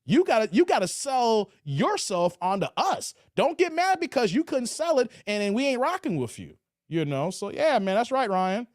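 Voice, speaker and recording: A man from hosts a casual live stream. He answers chat messages in a relaxed drawl, and his voice sits rather high. The sound is close and dry, with no room echo. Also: normal speed. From Chicago. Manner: laid-back, drawling, trails off quietly at phrase ends. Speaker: livestream host reading chat.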